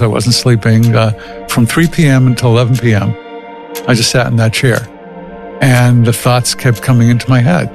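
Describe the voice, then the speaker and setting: A man telling the story of his past in a reflective, halting way, often repeating and restarting phrases. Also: mid-range voice, creaky. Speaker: interviewee recounting his past.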